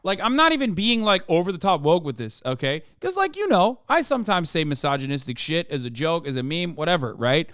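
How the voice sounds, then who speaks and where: A man's voice: on the high side, big pitch swings, brisk, hardly any pauses, a bit bright, no echo, clean studio sound. A male streamer giving casual livestream commentary, sarcastic and profane, rambling through his reactions. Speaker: streamer host.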